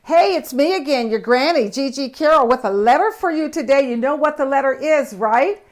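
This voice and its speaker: A woman's voice: high-pitched, lively intonation, normal speed. An older woman, a grandmother figure, hosting a children's alphabet lesson in a bubbly, exaggerated, sing-song way. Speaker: host, children's teacher.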